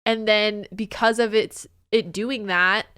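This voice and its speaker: A woman's voice: mid-range voice, steady tone, takes it slowly, sharp tone, clean tone. A woman co-hosting a casual podcast, rambling with many fillers and breaking into playful squeals. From Filipino family. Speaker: podcast co-host. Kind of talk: casual chat.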